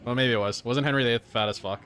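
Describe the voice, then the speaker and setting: A man's voice: medium pitch, quick pace, crowd noise. A man giving sarcastic, profane commentary on his stream as he reacts to a video.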